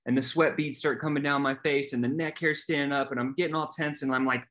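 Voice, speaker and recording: A middle-aged man telling his story in a casual chat, animated and full of fillers, acting out the voices he quotes. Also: on the high side, fast talker.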